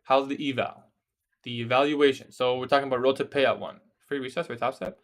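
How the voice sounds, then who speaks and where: A casual young trader chats on his day-trading livestream in a medium-pitched, steady voice with a brisk delivery. He works through viewer questions, says "bro" frequently, and laughs at the weird ones.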